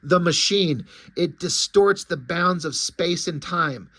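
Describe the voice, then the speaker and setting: A man voicing a grim male time-traveling soldier's inner thoughts in a low mutter. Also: slow, a bit bright, heavily acted.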